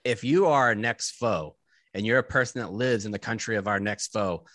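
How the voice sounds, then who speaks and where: Blunt, profane man with a bright voice. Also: lowish voice, moderate pace, no echo, clean studio sound. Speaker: podcast co-host. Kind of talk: casual political discussion.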